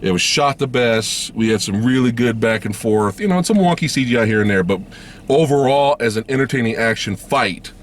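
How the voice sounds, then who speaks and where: A man hosting a casual movie review vlog, swearing freely and acting out scenes in high mocking voices. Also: animated, a little fast, a little hiss or hum. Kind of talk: casual spoiler review chat.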